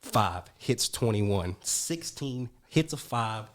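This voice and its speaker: A man's voice: lowish voice, lively intonation, takes it slowly. A young man co-hosting a podcast, telling a story in casual, slangy, profane chat and acting out the quoted dialogue. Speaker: podcast co-host.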